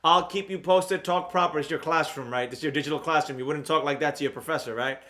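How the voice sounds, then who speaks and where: Bright, energetic trading streamer man. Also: a little high, fast talker. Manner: rambling, energetic, talks straight to viewers. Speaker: trading educator hosting a live stream. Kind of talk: casual live-stream chat reading comments.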